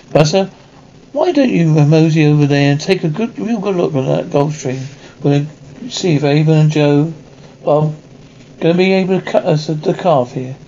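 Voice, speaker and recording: An actor playing a boastful, fast-talking Texan man posing as a plane buyer, in folksy, drawling salesman's patter in a 1980s TV action series. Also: fairly high pitch, vocal fry, mellow. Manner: boastful, slick salesman's talk. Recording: dull lo-fi TV soundtrack with faint noise.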